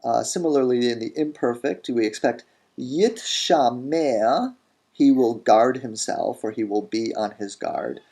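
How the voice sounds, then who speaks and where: A man teaching a grammar lesson in a recorded lecture, deliberate, saying each word form slowly and repeating it. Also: mid-range voice, vocal fry, warm tone. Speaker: language teacher.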